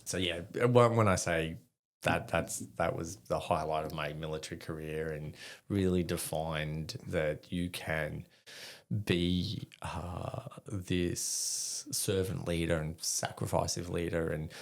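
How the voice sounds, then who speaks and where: A man's voice: low-pitched, fairly even intonation, slow, gravelly. An Australian man, a podcast guest, telling rambling, swear-filled stories in casual chat. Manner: swears freely, rambling anecdotes with quoted dialogue. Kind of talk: casual storytelling.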